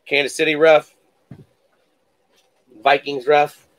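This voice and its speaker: A man's voice: fairly high pitch, level tone, slow. A man hosting a live card-breaking stream, reading out pulls with hype catchphrases and playful mock-cursing.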